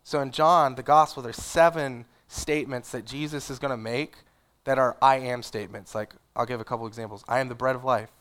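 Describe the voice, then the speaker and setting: A man preaching a sermon in an easygoing, conversational way, using casual asides and fillers. His voice is smooth and resonant, pitched in an ordinary middle range. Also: fairly even intonation, fairly quick, a bit bright. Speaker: pastor.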